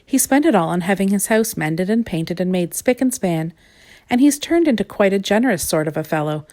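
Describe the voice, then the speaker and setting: A woman reading a children's picture book aloud with gentle, expressive storytelling. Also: medium pitch, fairly quick. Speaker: storybook reader.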